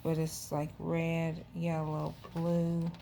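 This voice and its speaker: A woman with a low, gravelly voice hosts a casual home taste-test vlog. She chats along and keeps breaking off to correct the kids beside her, with faint background noise in the room. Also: monotone, slow, warm tone. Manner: chatty, keeps correcting the kids while talking. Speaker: vlog host.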